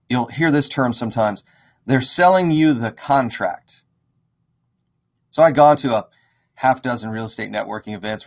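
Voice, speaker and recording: Male, casual storytelling to a crowd, lively delivery, acts out dialogue. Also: mid-range voice. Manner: animated, acts out quoted dialogue. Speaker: real estate investor and educator.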